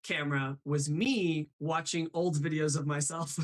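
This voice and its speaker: A young man hosts a casual live show, speaking a little slowly in a fairly high, steady voice. He laughs often and reads chat messages aloud.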